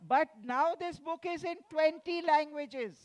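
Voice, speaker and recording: Slow, coaxing woman leading a children's session. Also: sits high. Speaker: children's author at a festival session. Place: festival venue.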